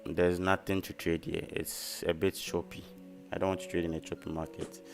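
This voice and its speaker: Guy chatting on a live stream, fairly deep voice, keeps repeating stuff, faint music behind. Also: level tone, normal speed, creaky. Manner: chatty, repeats key phrases for emphasis. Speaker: trading livestream host. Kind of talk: casual live-stream commentary.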